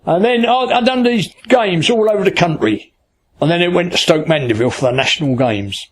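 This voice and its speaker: A man's voice: high voice, lively intonation, fairly quick. An older man, recounting his life story in an interview in a colloquial, anecdotal way. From England (Kent). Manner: storytelling, acts out past dialogue; colloquial, with frequent "I said" and "like".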